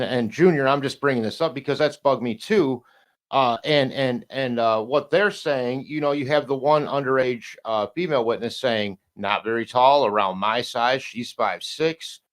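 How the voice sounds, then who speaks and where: A man talking casually as a podcast guest, rambling and halting with many restarts, now and then swearing and laughing. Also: medium pitch.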